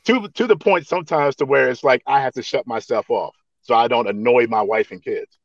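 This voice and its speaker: A man's voice: medium pitch, brisk, dry recording, lo-fi sound. A man voice actor in casual chat, emphatic and repeating himself.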